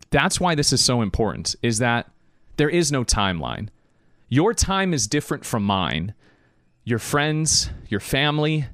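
A man's voice: on the high side, a bit bright, dry recording, clean studio sound. A young man hosting a podcast, talking passionately in a rambling motivational monologue. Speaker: podcast host.

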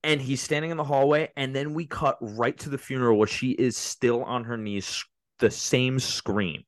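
A man's voice: mid-range voice, steady tone, normal speed, dry recording. Rambling man, dry close sound. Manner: rambling, many restarts and fillers. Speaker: podcast co-host. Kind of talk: casual movie podcast chat.

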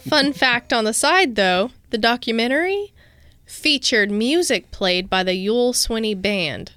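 A woman's voice: on the high side, animated, measured pace, a bit bright, smooth, no room sound. A woman co-hosting a podcast, telling a true-crime case from notes and dropping into casual asides. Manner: reads researched notes, breaks into casual asides. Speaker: podcast co-host.

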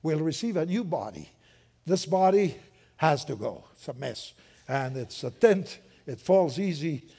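An older man preaching a sermon in a lively, conversational way with joking asides. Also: fairly high pitch, a little slow, vocal fry, husky.

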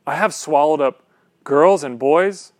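A man's voice: fairly high pitch, no room sound, studio quality, lightly acted. A man reading as a vast solemn lion. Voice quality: heavy, measured, deliberate. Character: vast calm male lion, solemn and unbending.

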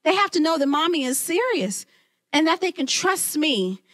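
A woman who leads a ministry, preaching a lively sermon and talking straight to her listeners. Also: sits high, moderate pace. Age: adult, mother of children. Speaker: women's ministry leader.

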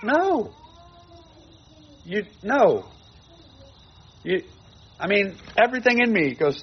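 A man's voice: high-pitched, big pitch swings, slow pace, pauses often, breathy edge, muffled recording. A man preaching a sermon to his congregation, earnest and repeating phrases for emphasis. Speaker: pastor.

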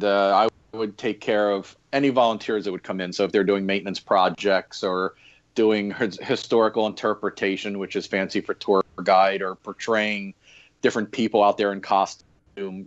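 A man's voice: lowish voice, fairly even intonation, moderate pace. A man on a podcast casually telling rambling anecdotes about his past jobs, with lots of fillers and laughs. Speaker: podcast guest, former historic fort coordinator and EMT. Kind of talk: casual interview storytelling. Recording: dull lo-fi remote audio.

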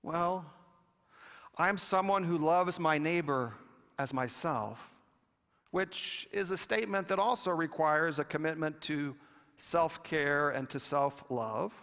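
A man preaching a sermon with a slow, deliberate delivery and long pauses. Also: on the high side, fairly bright tone. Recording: long reverb of a church hall.

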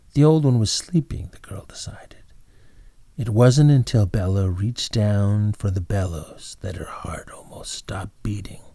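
A man narrating an old tale in a measured, dramatic way. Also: low-pitched, mellow, husky, no echo. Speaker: storyteller. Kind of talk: scripted narration.

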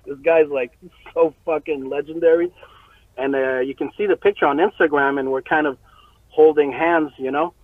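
A man casually telling a long story, animated and profane, often laughing as he talks. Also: fairly high pitch, moderate pace, no room sound, phone-quality sound.

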